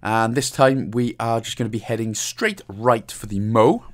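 A man's voice: mid-range voice, normal speed. A young man with a Welsh accent talks through a game walkthrough in a chatty, cheeky way, joking and laughing as he plays. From Wales. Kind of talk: casual gameplay commentary.

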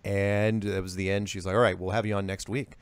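Low-voiced man telling a story. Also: brisk, clear, resonant tone, dry recording. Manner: animated, acts out quoted voices. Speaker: interview guest. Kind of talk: casual storytelling.

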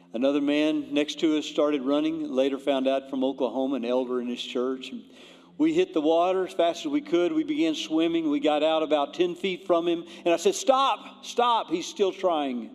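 A man preaching a sermon as pastor, swinging between loud emphatic appeals and hushed, near-whispered storytelling. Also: medium pitch. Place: church sanctuary. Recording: long church-hall reverb, faint music.

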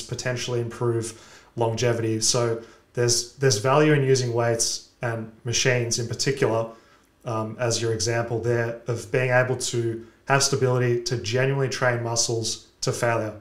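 A man's voice: medium pitch, reverberant. A man hosting a podcast who gives a methodical, step-by-step explanation of training. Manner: measured, methodical coaching explanation. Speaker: podcast host.

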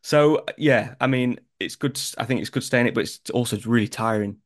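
A young man from northern England with a Northern English accent, an actor chatting in an interview and telling stories in a lively way. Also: mid-range voice, a little fast. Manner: chatty, animated storytelling. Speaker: actor guest. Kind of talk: casual interview chat.

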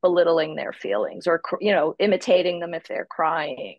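A woman psychotherapist, a guest on a podcast, calmly explaining parenting in a reflective way. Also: lowish voice, normal speed, creaky, no echo, lo-fi sound. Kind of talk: casual podcast interview.

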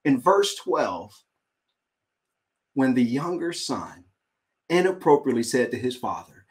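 A man pastor preaching in a conversational sermon, animated and dramatic, breaking off and restarting as he thinks aloud. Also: medium pitch, measured pace, long pauses.

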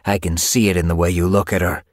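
A man's voice: low-pitched, level tone, fast, no echo, clean studio sound. A man voicing an old, spiteful she-cat spirit in an audiobook, sneering and snarling. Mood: sneering, scolding. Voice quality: sneering, snarling, later croaking. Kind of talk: audiobook character voice.

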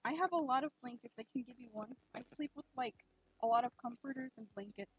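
A young woman streaming a game, chatting casually and rambling with lots of fillers, gushing excitedly at times. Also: on the high side, fast, slightly rough. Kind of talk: casual live-stream chat. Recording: dull lo-fi stream mic.

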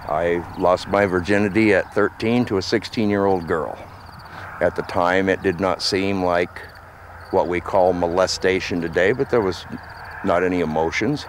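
Middle-aged man, very low voice; blunt, matter-of-fact interviewee with faint background noise. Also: normal speed. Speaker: documentary interviewee. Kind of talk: candid interview.

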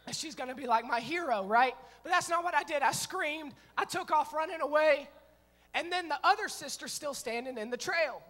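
Man, middle-aged pastor, lively storyteller sermon, high bright voice, church hall reverb. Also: moderate pace. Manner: animated storytelling, acting out scenes, bursts of shouting. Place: church sanctuary.

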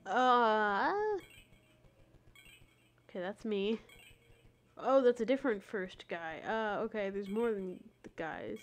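A woman's voice: medium pitch, takes it slowly, pauses often. A young woman live-streaming a game, giggling often, rambling, and reading the game text aloud.

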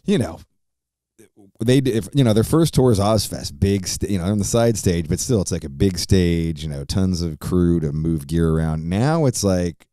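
A man's voice: low-pitched, animated, normal speed, mellow, dry recording, clean studio sound. A middle-aged man hosting a podcast, telling a profane, rambling story casually with lots of fillers. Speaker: podcast host.

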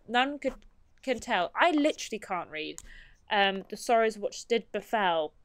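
Chatty woman streamer, lively voice. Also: a little high, clean tone. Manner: chatty, self-mocking, reads game text aloud. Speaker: game streamer. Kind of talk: casual gameplay commentary.

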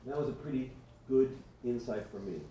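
A man's voice: medium pitch, normal speed, warm tone, a little hiss or hum. A man giving a rambling personal tribute at a lecture, hesitant and full of fillers. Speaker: memorial speaker. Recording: echoey hall from far off.

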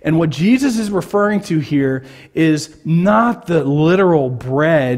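A man's voice: on the high side, darkish tone. Conversational male pastor preaching. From California. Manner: conversational, asks the congregation questions. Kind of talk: sermon.

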